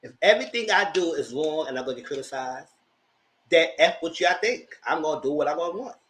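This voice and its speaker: A man's voice: on the high side, lively intonation, quick pace, fairly bright tone. A man giving a casual, sassy live review of reality TV, slangy and acting out the cast's lines as he goes. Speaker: TV reality show commentator.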